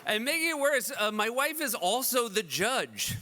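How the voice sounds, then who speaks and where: A man in his forties hosting a benefit event, telling dry, self-deprecating stories in an animated stand-up style. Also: very high-pitched, moderate pace, noisy background. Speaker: event host. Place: large event hall.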